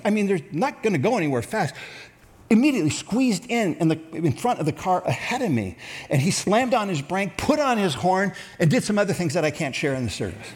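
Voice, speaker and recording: A middle-aged man preaching a sermon in a church, conversational and animated, dropping to hushed tones for emphasis. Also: mid-range voice. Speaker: pastor.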